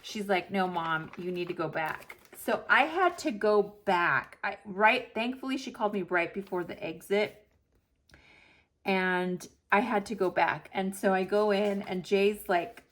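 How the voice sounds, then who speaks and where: A woman's voice: mid-range voice, a little slow, a little hiss or hum. A woman in her forties telling a long story in a chatty vlog, acting out the dialogue as she quotes it. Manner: animated, retells with quoted dialogue. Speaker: planner vlogger.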